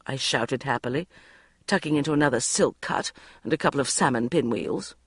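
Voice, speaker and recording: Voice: medium pitch, fairly quick, a bit bright, slightly rough, no echo, studio quality. A narrator reading a comic novel in the first person with a wry storytelling manner. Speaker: audiobook narrator.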